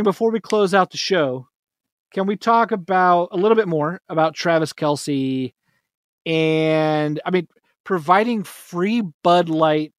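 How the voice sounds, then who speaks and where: A podcast host with a slightly high voice runs a casual sports show, jokey and upbeat with quick laughs. The studio-quality recording has no echo.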